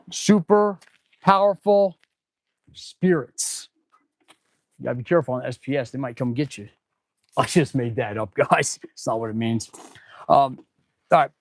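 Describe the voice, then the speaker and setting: A man's voice: a little high, gravelly, no echo. A man who is a mechanic, chatting casually on a live stream while he works in an auto repair shop, laid-back and calling viewers "dude.". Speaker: auto mechanic and channel host.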